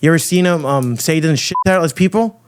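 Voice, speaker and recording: A man hosting a podcast, delivering a loud, crude, provocative rant full of swearing. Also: a little high, fast, a little hiss or hum. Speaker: podcast host. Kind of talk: ranting monologue.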